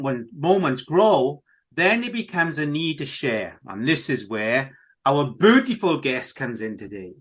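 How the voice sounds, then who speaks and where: Animated high-voiced middle-aged man host. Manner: enthusiastic, rambling, repeats himself. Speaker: podcast host. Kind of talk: casual monologue to listeners.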